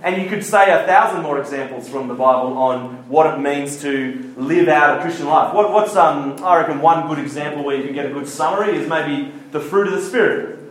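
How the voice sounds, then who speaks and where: Aussie guy giving a chatty youth sermon, kinda high voice, roomy echo. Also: brisk. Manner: lively, jokey, asks the room questions. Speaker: youth speaker. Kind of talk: casual church talk to a crowd. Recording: echoey hall.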